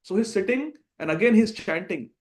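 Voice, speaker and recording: A man retelling a devotional story in an animated way, with chuckles. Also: high voice, fairly quick. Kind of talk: storytelling sermon.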